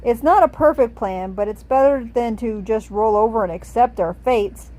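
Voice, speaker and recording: A woman narrating as she reads a text adventure game aloud, in a steady, clear manner. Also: fairly high pitch, normal speed, slight background noise, rough recording.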